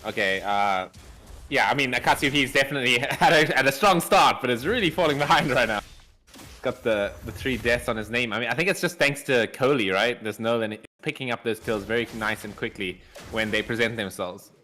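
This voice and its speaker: Bright voiced dude co-casting esports, super casual, laughs a lot. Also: male voice, medium pitch, a little fast. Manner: casual, chatty, laughs often, says dude. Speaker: esports co-caster. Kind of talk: live esports commentary.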